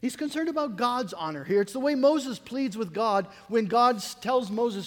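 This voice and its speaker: High-voiced man preaching in a reverberant hall. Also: lively intonation. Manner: earnest, measured preaching with dramatic readings of scripture. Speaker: pastor. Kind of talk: sermon.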